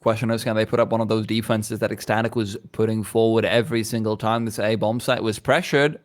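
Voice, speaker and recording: A man's voice: lowish voice, level tone, a little fast. A man casting a live esports match as play-by-play commentator, joking with his partner and rising sharply on big plays. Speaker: esports caster.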